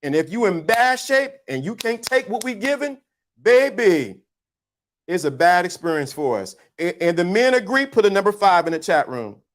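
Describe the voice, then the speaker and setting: High-voiced man ranting bluntly on a livestream. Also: very animated, moderate pace. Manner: blunt, preachy, slangy and teasing. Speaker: livestream host. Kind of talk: casual opinion rant to a live chat.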